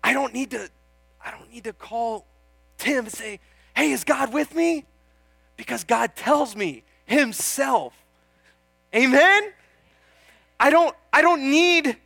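A man's voice: extremely high pitch, sharp tone, dry recording. A young man preaching a sermon in an earnest, chatty way, often calling out "Amen?" and joking about himself. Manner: self-deprecating, laughs at himself.

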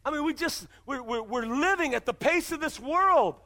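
A man's voice: very high voice, animated, moderate pace, pushed and bright. A man pastor preaching a sermon in a church, emphatic and full of repeated rhetorical questions.

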